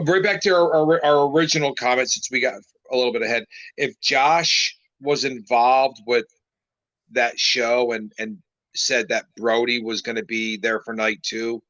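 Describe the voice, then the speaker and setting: A man's voice: mid-range voice, measured pace, fairly bright tone, dry recording. A man from Western New York hosting a casual talk show, giving opinions with lots of "you know". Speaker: host. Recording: slightly dull, dry lo-fi recording.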